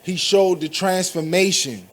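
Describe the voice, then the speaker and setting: A man on a radio talk show, telling an animated story at a fast clip. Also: sits high. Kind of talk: casual radio chat.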